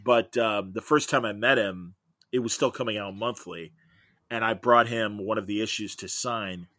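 Bright, eager middle-aged man storyteller. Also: on the low side, moderate pace, no echo. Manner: enthusiastic, rambling storyteller. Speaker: guest, comics podcaster. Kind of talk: casual interview chat.

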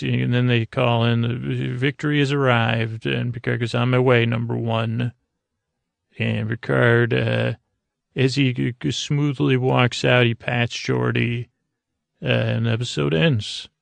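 A man's voice: medium pitch, creaky, no echo. A man hosting a podcast, casually recapping a TV episode and loosely paraphrasing what each character says. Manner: rambling retelling, paraphrasing characters' lines. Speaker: podcast host.

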